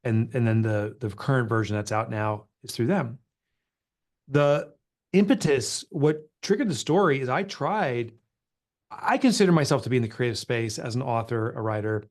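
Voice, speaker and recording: A middle-aged man tells a personal story in an interview, earnest and confessional. His pitch sits right in the middle for a man, and he speaks with open, raw feeling. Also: moderate pace. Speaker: author and guest.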